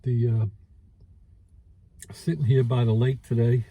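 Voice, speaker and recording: Brooklyn-accented man, food vlogger, very warm dark tone, slightly husky, rambling easy delivery. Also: mid-range voice. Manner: rambling, relaxed, many filler pauses. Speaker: food reviewer. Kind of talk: casual outdoor food vlog. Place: outdoors by a lake.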